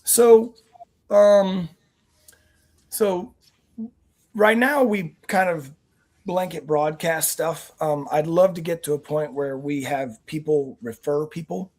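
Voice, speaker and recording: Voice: mid-range voice, fairly even intonation, slow pace, long pauses, a little mellow. A guest on a veterans' talk show telling stories in an earnest, rambling way with many restarts. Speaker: guest, nonprofit team member. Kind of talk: conversational interview answers.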